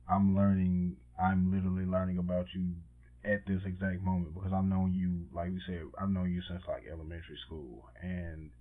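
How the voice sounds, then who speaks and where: A man of about thirty answers his co-host in a soft, reflective and casual way. His voice is very low. It comes through thin and phone-like. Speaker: podcast co-host. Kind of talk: casual chat.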